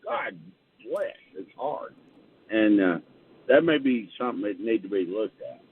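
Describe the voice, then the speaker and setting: A man calling into a radio show, speaking haltingly and hesitantly. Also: lowish voice, animated, a little hiss or hum. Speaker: caller. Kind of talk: call-in radio comment. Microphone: phone. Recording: tinny phone line.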